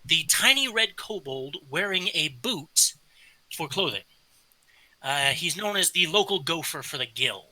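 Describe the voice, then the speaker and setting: A man's voice: fairly high pitch, very animated, measured pace, pushed and bright, no echo, rough recording. A man narrating as game master of a tabletop game, describing scenes with casual fillers.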